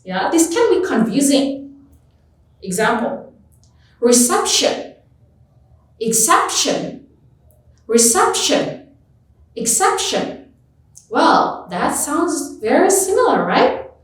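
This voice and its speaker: A woman, a native Indonesian speaker, teaching an English test lesson, slowly repeating example words with clear stress. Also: high voice. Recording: echoey room, voice far from mic.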